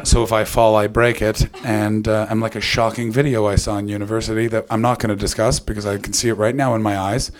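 A man's voice: fairly low pitch, level tone, fast, few pauses. A man with a North American accent hosting a comedy podcast, talking in rambling, sarcastic, profane banter. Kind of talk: casual comedic chat.

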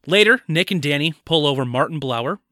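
A man's voice: fairly high pitch, a little fast, no room sound, studio quality. Joking man recapping a film plot. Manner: relaxed, jokey plot recap with frequent laughs. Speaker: podcast co-host. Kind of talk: casual chat recapping a film.

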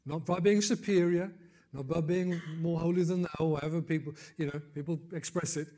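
An older man preaching a sermon, building to loud emphatic peaks and then dropping low, with conversational asides and gentle humor. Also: fairly even intonation, brisk, slight background noise.

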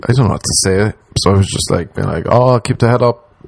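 A man's voice: fairly low pitch, brisk, gravelly, a little mellow, slight background noise. A young Irish man, a comedian, hosting a podcast and telling a story in a rambling, profane, self-deprecating way. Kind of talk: casual storytelling monologue.

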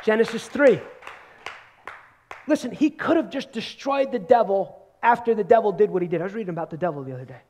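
A man preaching a sermon, emphatic, repeating words for stress and swinging between loud bursts and hushed asides. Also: high voice, lively intonation, brisk.

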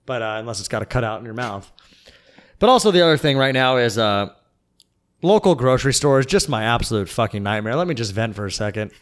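A man's voice: medium pitch, animated, fast. A young man chatting casually on a podcast, venting and rambling with lots of fillers. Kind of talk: casual chat.

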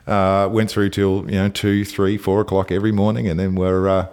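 A chatty man with a fairly low voice talks through a casual podcast chat. He laughs easily and fills his sentences with ums and restarts as he goes. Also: level tone, normal speed, darkish tone. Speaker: co-host.

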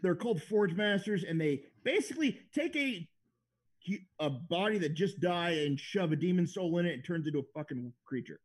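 A man in a relaxed podcast chat who rambles through explanations with many fillers and restarts. His voice sits slightly high. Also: normal speed. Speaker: podcast co-host. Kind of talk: casual chat.

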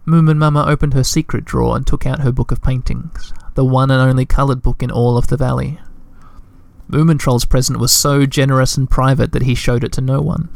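Smooth-voiced man reading a storybook. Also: mid-range voice, steady tone, a little fast, no room sound, clean studio sound. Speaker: narrator.

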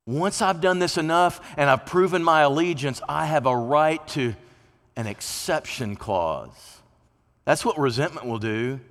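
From a church pulpit, a man with an unhurried, higher-pitched voice and fairly bright tone preaches a folksy, conversational sermon. He sometimes acts out the voices of people he quotes, and the sanctuary adds a long hall reverb to the recording.

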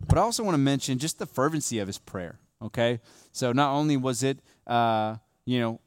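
A young adult male pastor preaching a sermon in a conversational way, checking in with "okay?" and "right?", dropping to a hush and then pushing hard on key lines. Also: mid-range voice, smooth, no echo, clean studio sound. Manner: shifts between hushed emphasis and raised, stressed lines.

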